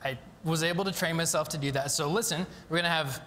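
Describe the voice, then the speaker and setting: A man's voice: a little high, quick pace, a bit bright, a little hiss or hum. A man giving a live conference talk, explaining a demonstration eagerly with frequent ums and restarts, in a university lecture hall. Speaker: conference speaker.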